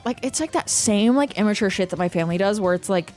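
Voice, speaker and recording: Animated woman streamer ranting. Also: medium pitch, quick pace, hardly any pauses, soft background music. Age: 30s. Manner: ranting, profane, animated storytelling. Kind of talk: casual live-stream chat.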